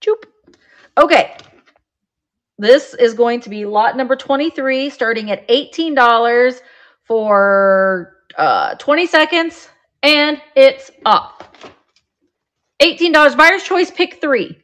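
A woman's voice: high-pitched, lively intonation, slow pace, long pauses, a bit bright. A woman chatting as she runs a live sale of vintage items, describing each piece as she shows it. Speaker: live auction seller.

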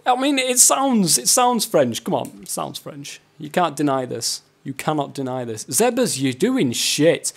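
Young-sounding guy yelling at his football game, swears loads, kinda high voice. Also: very animated, a little slow, creaky. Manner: swears a lot, laughs, shouts at players. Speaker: gaming YouTuber. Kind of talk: casual gameplay commentary.

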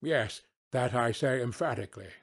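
A man reading an audiobook, voicing a stubborn male accuser at an ancient trial with terse, flat replies. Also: mid-range voice, normal speed, husky. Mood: curt.

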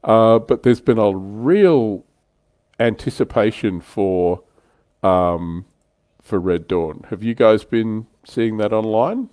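A man's voice: on the low side, takes it slowly, darkish tone, no room sound. An older man hosting a casual livestream chat, chatty and self-deprecating, laughing often. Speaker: livestream host.

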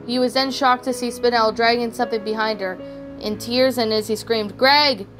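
A woman's voice: a little high, flat delivery, fairly quick. A woman reading a fan fiction story aloud, often stumbling and restarting words. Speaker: story narrator. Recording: background music throughout.

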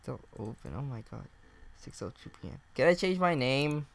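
A man's voice: medium pitch, animated, normal speed, vocal fry. A young man casually commenting while playing a chat game, reading messages aloud, swearing and laughing often. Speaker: gaming YouTuber. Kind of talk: casual let's-play commentary.

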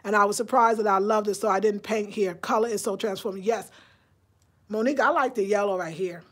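A woman chatting casually on a live stream from inside her home, animated and talking straight to her viewers. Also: medium pitch, a little fast. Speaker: vlogger.

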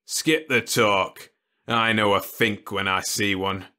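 A man voicing a gruff, hostile frontier man with a deep, grating rasp and a slow, menacing drawl. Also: fairly even intonation, pushed and bright. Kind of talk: audiobook character voice.

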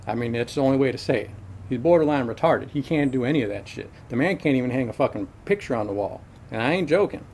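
A man's voice: mid-range voice, lively intonation, fast, a little mellow, slight background noise, close to an everyday voice. A middle-aged man playing a crude, folksy handyman who rambles along in profane slang, in a comedic monologue.

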